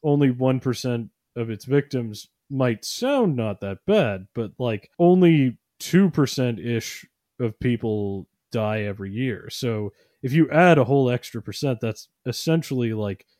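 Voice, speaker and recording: Mellow-voiced man in casual joking chat. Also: mid-range voice, expressive, no room sound, studio quality. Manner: rambling and joking, laughs often, puts on quick voices.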